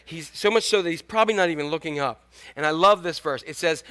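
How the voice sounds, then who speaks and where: A man's voice: a little high, quick pace, bright, forceful tone. A man in his fifties preaching a sermon in a casual, jokey way, restarting often. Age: 50s. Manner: conversational, jokey, many restarts. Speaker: pastor.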